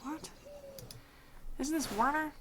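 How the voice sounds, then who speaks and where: A woman giving casual, chatty commentary while playing a video game, reacting aloud with quick exclamations. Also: high voice, noisy background. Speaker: gaming video creator.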